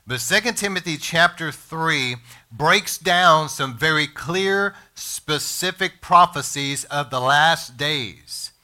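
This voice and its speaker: A man preaching a sermon as pastor, emphatic, slowing down to stress words and speaking straight to his congregation and listeners. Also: a little high, bright, forceful tone. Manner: addresses congregation and podcast listeners directly.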